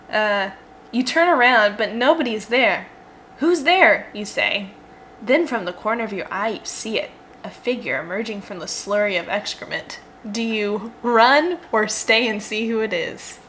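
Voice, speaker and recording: Give me a giggly young woman with a crisp, bright voice narrating a silly adventure game. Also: medium pitch, slight background noise. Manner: giggly, playful, laughs often. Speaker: host and story narrator. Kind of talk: narrating a choose-your-own-adventure game.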